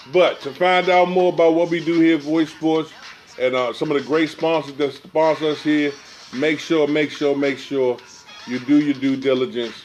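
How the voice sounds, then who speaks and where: A man hosting a sports talk show, delivering a preachy, animated monologue straight to his audience in loose, colloquial speech that keeps repeating phrases. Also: on the high side.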